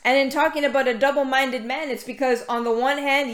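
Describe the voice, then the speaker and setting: Reading scripture in an echoey room, a woman delivers a casual, conversational sermon with plenty of fillers and restarts, pausing to greet latecomers. Her high voice is brisk and fairly bright, with fairly even intonation.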